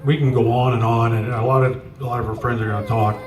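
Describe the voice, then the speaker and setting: A man in his sixties, a softball coach, giving a tribute speech in folksy storytelling style, acting out the dialogue. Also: mid-range voice, flat delivery, fast, hardly any pauses, slight background noise. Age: 60s. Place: large room at a memorial gathering. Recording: roomy, from far off.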